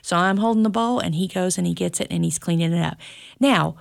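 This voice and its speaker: Middle-aged lady telling stories dramatically, low-ish gravelly voice, dry sound. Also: fast, dry recording. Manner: dramatic storyteller. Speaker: school staff member and parent, guest. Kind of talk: casual interview chat.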